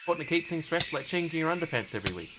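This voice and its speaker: A man's voice: fairly high pitch, lively intonation, racing, background noise. A man live-streaming a game, chatting casually and jokily with his viewers as he plays. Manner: rambling, jokey, chatty with viewers. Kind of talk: casual live-stream chat while playing.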